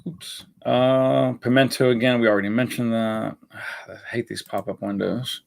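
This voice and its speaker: A man talks through a fragrance review on a live stream in a loose, chatty way. He rambles, restarts his sentences and corrects himself as he goes. His voice sits in an ordinary middle pitch for a man. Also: steady tone, unhurried, gravelly. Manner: rambling, many fillers and self-corrections.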